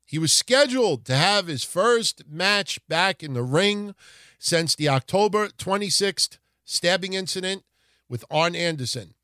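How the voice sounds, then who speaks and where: A man hosting a casual wrestling history podcast, rambling through old results in a profane, animated way. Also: high-pitched, measured pace, no echo, studio quality. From Italian heritage. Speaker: podcast host.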